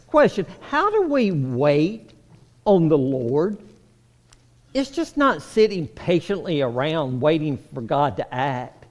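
A man preaching a sermon, swinging between raised, emphatic lines and hushed, low passages. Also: big pitch swings, takes it slowly. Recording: long reverb of a hall.

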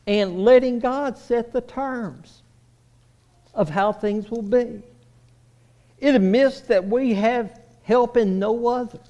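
A man preaching a sermon, swinging between raised, emphatic lines and hushed, low passages. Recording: long reverb of a hall.

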